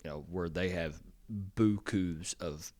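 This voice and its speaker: With a low-pitched voice and a slow pace, an extension agent hosting a farm podcast tells loose, meandering stories. Fillers crop up constantly, and he perks up when excited.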